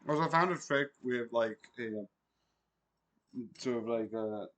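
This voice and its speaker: A man's voice: mid-range voice, a little slow, a bit bright. Rambling British man reviewing an anime. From Britain. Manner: rambling, many fillers and self-corrections.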